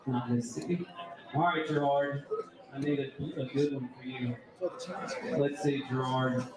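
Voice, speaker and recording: A man with a New York accent hosting a live debate and joking with the audience. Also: a little high. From New York City. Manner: joking, loud crowd-working. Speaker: debate moderator. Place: brewery event space with live audience. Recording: echoey room, mic far off, crowd.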